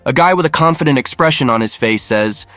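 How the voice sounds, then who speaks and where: Dry, even-voiced male narrator. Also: medium pitch, fast, no echo, faint music behind. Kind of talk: scripted narration.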